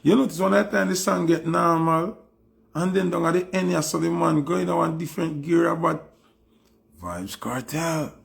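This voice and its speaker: A man's voice: on the high side, moderate pace, creaky, slightly rough. A man with a Jamaican accent giving a heated, taunting commentary monologue, mixing patois with English. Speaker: dancehall commentator.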